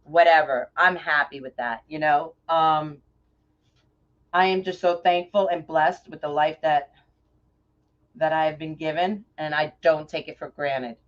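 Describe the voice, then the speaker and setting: A middle-aged woman from New York with a New York accent, chatting warmly and effusively with viewers by name while crafting on a livestream. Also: low voice, steady tone, a little slow. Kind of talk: casual livestream chat while crafting bows. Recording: dull lo-fi livestream audio.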